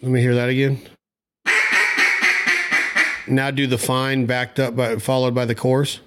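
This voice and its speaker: A man's voice: mid-range voice, flat delivery, measured pace, very noisy. A man hosting a podcast, giving short cues and eager questions to his guest. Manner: prompting and short commands, enthusiastic. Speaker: podcast host. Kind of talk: casual podcast interview.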